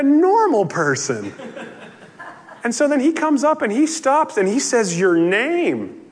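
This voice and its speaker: A male pastor preaching a sermon, telling the story in an animated way with frequent conversational asides. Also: high voice, takes it slowly, big-room sound.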